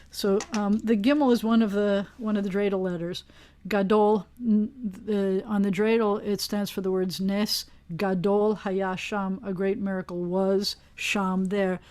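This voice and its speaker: A woman's voice: medium pitch, a little mellow. Woman rabbi teaching a hebrew class on a video call, chatty, wanders off topic, lots of ums. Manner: chatty, digressive, with frequent fillers. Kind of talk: casual online class teaching.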